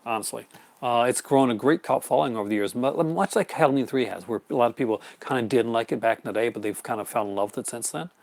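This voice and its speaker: A man's voice: medium pitch, vocal fry, dry recording. A man hosting a casual live stream, rambling enthusiastically about his horror film collection, with many fillers and restarts. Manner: answers viewer chat comments.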